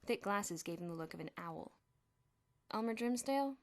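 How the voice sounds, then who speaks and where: A woman reading a children's novel aloud as an audiobook, with an expressive delivery. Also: on the low side, a little fast. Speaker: audiobook reader. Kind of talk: audiobook narration.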